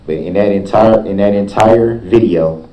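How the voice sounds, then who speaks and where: A man questioning a witness in a courtroom, with halting, repetitive phrasing and frequent restarts. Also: fairly low pitch, mellow. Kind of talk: courtroom cross-examination. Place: large courtroom. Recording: echoey courtroom, dull lo-fi sound.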